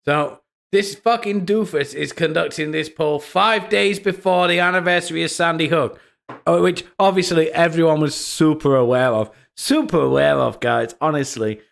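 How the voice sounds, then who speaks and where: A young man's fairly high, creaky, fairly bright voice carries at normal speed as he mocks social media posts on a live stream, cursing and laughing often.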